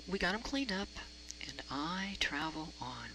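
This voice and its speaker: A woman preacher spins a personal story in a chatty, self-deprecating way, her voice bright and forward. A faint hum sits under her voice. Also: deep voice, big pitch swings, a little slow, rough recording. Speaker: reverend. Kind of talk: storytelling sermon.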